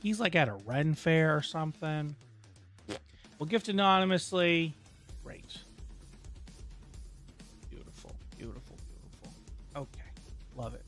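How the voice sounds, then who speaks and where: A male live streamer talking into his desk mic, his voice sitting a little high for a man. He rambles along in casual chat, throwing in jokey asides to his viewers, while faint music plays underneath. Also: lively intonation, measured pace, long pauses, a bit bright.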